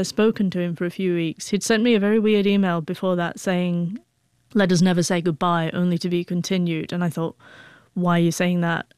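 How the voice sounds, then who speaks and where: A woman in her forties shares a heartfelt memory, her speech catching on repeated sound blocks. Her voice is smooth and resonant. It sits close and dry, with no room around it. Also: lowish voice, a little mellow, no room sound. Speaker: guest, author. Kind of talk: emotional personal recollection.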